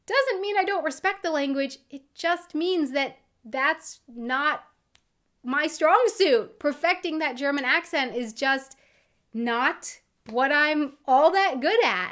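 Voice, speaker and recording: A young American woman talking casually to her camera as a vlogger, earnest and quick to laugh. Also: sits high, fairly bright tone. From United States.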